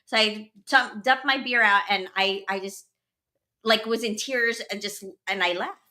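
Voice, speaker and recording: Speaking at a measured pace, this young podcast host has a medium-pitched voice with a bright, forceful tone. She chats casually through a story, leaning heavily on "like," "blah, blah," and similar fillers.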